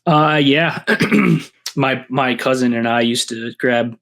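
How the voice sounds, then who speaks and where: A man tells casual stories as a podcast guest. His voice sits at a middle pitch. He rambles, scattering "like" and restarting his sentences. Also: slow pace, fairly bright tone. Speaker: podcast guest, seed breeder. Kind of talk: casual storytelling.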